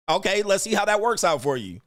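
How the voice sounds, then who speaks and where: A man hosting a livestream, ranting at commenters in a brash, profane, taunting way and laughing at them. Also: on the high side. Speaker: livestream host reading chat.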